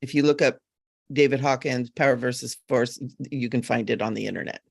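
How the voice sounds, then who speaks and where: Psychic medium co-host, woman, low voice with gravelly fry, animated delivery. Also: no room sound, clean studio sound. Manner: animated storytelling, quick asides. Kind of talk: casual spiritual chat.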